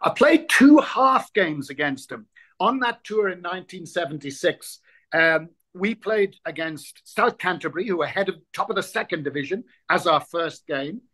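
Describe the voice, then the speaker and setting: An Irish-born man in his sixties spins anecdotes as an interview guest, with a slightly higher voice than most men. He performs the voices of people in his stories and stumbles over repeated words as he hunts for the next one. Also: normal speed, breathy edge. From Ireland. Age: 60s. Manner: lively raconteur, acts out quoted voices, repeats words when reaching for them. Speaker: guest, former rugby player.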